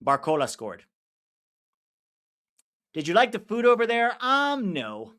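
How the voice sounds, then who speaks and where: An American man with a high voice speaks a little slowly while hosting a live football watch-along. He reacts to the game, chats with viewers, answers their comments, and breaks into excitement at chances.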